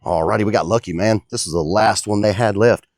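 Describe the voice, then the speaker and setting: A man's voice: fairly low pitch, a little fast, darkish tone. A man talking casually to viewers while working on a truck in his home garage, joking as he goes. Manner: joking, laid-back, talks to viewers as guys. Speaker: DIY truck builder. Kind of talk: casual how-to vlog.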